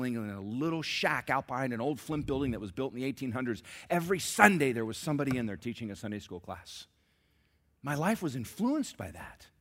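A middle-aged man preaching a sermon in church, emphatic and repetitive, building to shouts. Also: medium pitch, husky. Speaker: pastor. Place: church sanctuary, live service.

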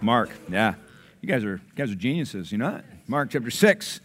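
A man's voice: mid-range voice, big pitch swings, moderate pace, fairly bright tone, faint music behind. A man preaching a sermon in a playful, conversational way, joking with and questioning his congregation. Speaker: pastor.

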